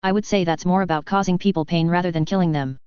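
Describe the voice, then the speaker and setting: A narrator voicing a calm, level-headed young woman who speaks in a quiet, measured way. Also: medium pitch, clean tone, no room sound, lo-fi sound, close to an everyday voice.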